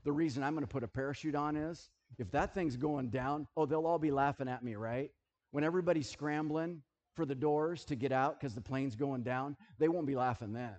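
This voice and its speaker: A man preaching a sermon, animated and jokey, who keeps checking that his listeners are following. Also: medium pitch, brisk, highs cut off. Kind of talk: sermon with object lessons.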